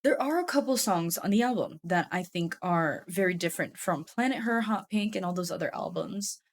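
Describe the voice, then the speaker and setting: A woman's voice: fairly low pitch, lively intonation, brisk. A woman YouTube commentator giving casual, chatty commentary, swearing freely and laughing often.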